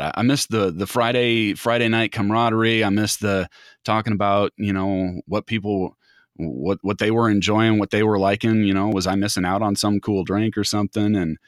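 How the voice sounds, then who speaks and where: A man's voice: fairly low pitch, no room sound, clean studio sound. A man from the American Midwest chatting casually as a podcast guest, rambling and often restarting his words. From Midwest United States. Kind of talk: casual chat.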